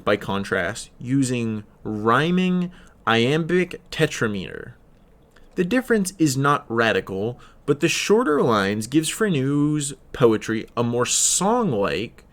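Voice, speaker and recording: A teenage boy reading poetry and study notes aloud, stumbling over words and correcting himself with frequent fillers. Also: mid-range voice. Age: teens. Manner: slow sing-song delivery on verse lines. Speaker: student reader.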